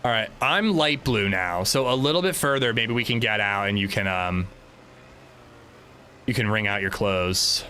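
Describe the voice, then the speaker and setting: A man's voice: fairly low pitch, moderate pace, bright, forceful tone, a little hiss or hum. A male streamer chatting casually while gaming, swearing lightly and laughing easily.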